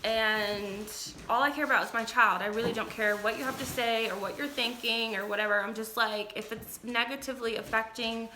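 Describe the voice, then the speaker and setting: A young woman giving a candid, rambling personal update, tired and at times emotional, with many pauses and restarts. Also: a little high, steady tone, echoey room, background noise. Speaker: vlogger.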